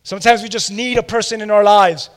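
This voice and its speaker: A man in his forties preaching a sermon, retelling a story with animated asides to the congregation. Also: high voice, brisk, in a large hall. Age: 40s. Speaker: pastor.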